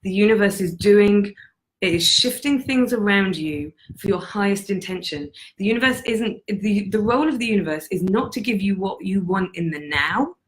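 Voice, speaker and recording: A woman's voice: medium pitch, lively intonation, moderate pace, rough recording. A woman life coach giving a blunt, profane motivational talk to camera, speaking emphatically. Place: on retreat in Bali.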